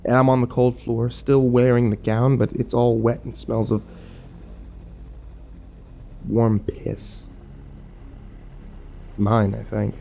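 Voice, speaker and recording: A man narrating a first-person horror story in a measured voice. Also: medium pitch, flat delivery, creaky, mellow, a little hiss or hum.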